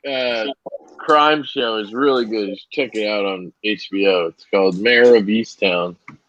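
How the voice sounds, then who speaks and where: A man's voice: fairly low pitch, measured pace, a bit bright. A man hosting a casual livestream, reading viewer comments aloud and laughing often. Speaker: livestream host. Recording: dull lo-fi audio.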